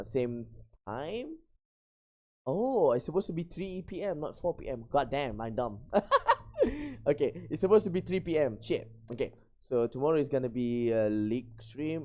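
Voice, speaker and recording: A young adult VTuber streamer from Malaysia, chatting casually and getting flustered, often breaking into high laughter. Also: mellow. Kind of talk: casual live-stream chat.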